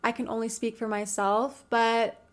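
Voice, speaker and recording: A woman's voice: fairly high pitch, flat delivery, moderate pace. Chatty woman giving goal-setting advice. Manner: chatty, addresses listener directly with many rhetorical questions. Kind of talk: casual advice monologue.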